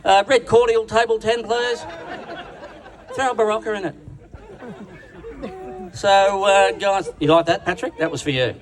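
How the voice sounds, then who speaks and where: This Australian man's voice sits high, with fairly even intonation, a measured pace, and long pauses. Giving a self-mocking, crude, bawdy roast speech at a dinner in a large function room, he draws laughs from the crowd, heard loudly over a distant recording.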